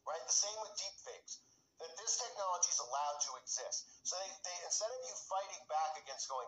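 Man, ranting commentary, agitated, bright voice, echoey room. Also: a little high, big pitch swings, brisk. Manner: agitated, repeats "right?" often, mocks quoted people. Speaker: commentary channel host.

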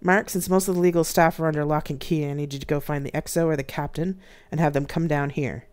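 A reader doing a calm, deadly protector. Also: mid-range voice, fast, lightly acted. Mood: commanding. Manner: cold and commanding. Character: protective man, calm but deadly, spirit-touched.

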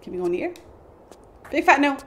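Young woman streamer, high and swoopy voice, gets loud and giggly, swears a lot. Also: a little fast, slight background noise. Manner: excitable, swears, laughs, talks to her dog. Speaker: gaming streamer. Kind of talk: live game-stream chat.

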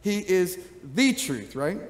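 A man's voice: sits high, very animated, slow, in a large hall. A man pastor preaching a sermon in a conversational style, often checking in with the congregation with "right?" and light jokes. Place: church sanctuary.

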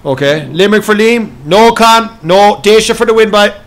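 A man's voice: high-pitched, moderate pace. An Irish man hosting a live farming game stream, reading out chat and slagging his friends. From Ireland. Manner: banter and slagging, reading out chat, frequent laughs. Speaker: livestream host.

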